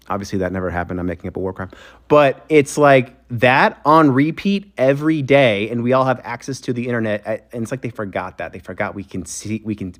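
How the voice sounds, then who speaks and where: Casting: male commentator, sarcastic and profane, mid-pitch, opinionated monologue. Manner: sarcastic, profane, mocking impressions.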